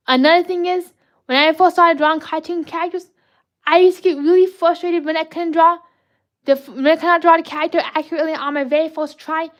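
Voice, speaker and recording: A woman hosting a live art stream, chatting excitably with viewers while drawing, rambling and often restarting her sentences. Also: extremely high pitch, fast talker. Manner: bubbly, rambling, cheers and greets viewers; self-corrects and restarts often. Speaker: livestream host drawing fan art requests.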